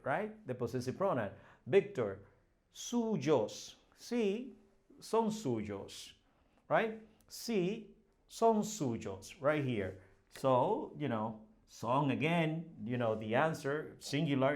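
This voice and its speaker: Slow, patient male teacher. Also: mid-range voice, very animated, darkish tone. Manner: patient, repeats example sentences, modeling question intonation. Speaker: Spanish teacher. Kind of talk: slow explanatory language lesson.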